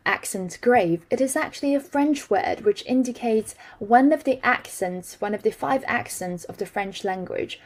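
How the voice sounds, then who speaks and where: A woman's voice: a little high, a little mellow, low-quality recording. A woman hosting a language lesson, explaining an article in an explanatory way and slipping into French with ease. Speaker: host explaining news articles.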